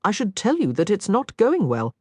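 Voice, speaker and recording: A woman's voice: mid-range voice, wildly swooping pitch, moderate pace, dry recording, pitched above the performer's own voice. A woman voicing an older duke and father who speaks drily and skeptically, in a close audiobook recording. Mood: dry. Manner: dry, dubious.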